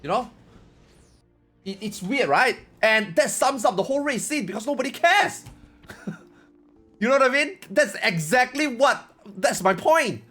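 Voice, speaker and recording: Male gaming streamer, casual rant, emphatic, lively pitch, faint music. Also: unhurried, long pauses. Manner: rambling, repetitive, emphatic.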